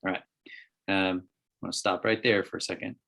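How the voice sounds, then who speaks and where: A man with a very deep voice leads a Bible study over a group call. He talks through the passage in a halting, unpolished way, often pausing on ums and starting phrases again. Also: little pitch movement, gravelly, a bit bright. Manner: halting, many ums and restarts, reads scripture aloud. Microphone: call microphone.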